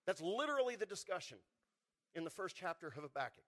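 Man, pastor, sermon, fairly high voice, lively storytelling delivery. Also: fast. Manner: animated, acts out quotes in voices.

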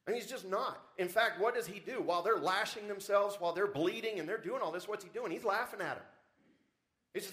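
In this church service recording, a male pastor preaches with a high-pitched, fairly bright voice at a fairly quick clip. He drives his points with rising emphasis and peppers the congregation with rhetorical questions.

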